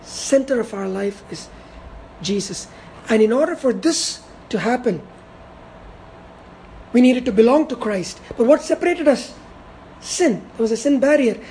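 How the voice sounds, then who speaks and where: A woman delivers a verse-by-verse sermon in a slightly high, mellow voice. She is emphatic and repeats key words for weight. She slows right down when she drives a point home, with a faint hiss of noise behind her. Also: expressive, rough recording. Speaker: preacher. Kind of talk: expository sermon.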